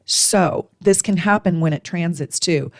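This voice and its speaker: A woman's voice: unhurried, no echo. Emphatic woman astrologer, dry close sound. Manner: emphatic, animated, acts out little dialogues in a higher voice. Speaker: astrologer host. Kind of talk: casual astrology talk to camera.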